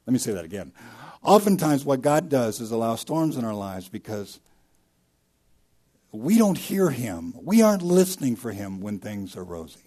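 The man delivering this sermon is a pastor with a medium-pitched, sing-song voice at a normal speed. He alternates between loud emphatic surges and hushed moments, returning to key phrases again and again for weight.

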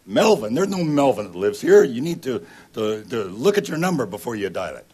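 A man voicing an irate middle-aged man who shouts down the phone. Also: lowish voice, sing-song, fairly quick, slightly rough. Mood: irritated. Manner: shouting, exasperated.

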